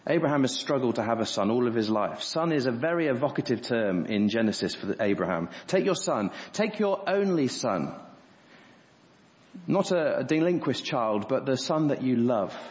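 A man's voice: animated, fairly quick, few pauses. Man preaching in an echoing church. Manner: earnest preaching, voicing quoted speech with rising pitch. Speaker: pastor. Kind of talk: sermon. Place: church hall. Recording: dull reverberant church recording.

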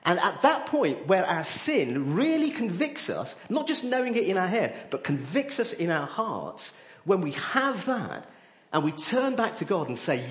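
A man preaching live to a gathering, using an object lesson and frequent tag questions. His voice is a bit high and swings widely in pitch. The sound is roomy and a little muffled. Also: sing-song, measured pace.

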